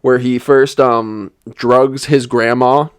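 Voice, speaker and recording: A man's voice: medium pitch, fairly even intonation, takes it slowly, heavy background noise. A young man giving a sarcastic, rambling comedic movie review, with lots of "like" fillers. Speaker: film reviewer. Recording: dry voice-over.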